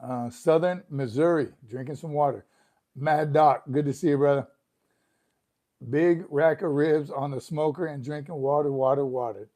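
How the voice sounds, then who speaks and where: Older male host, casual live-stream chat, friendly and upbeat, slightly higher voice. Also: fairly even intonation, moderate pace, dark tone. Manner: upbeat, chatty, greets viewers by name. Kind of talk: casual livestream chat reading comments. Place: room at home.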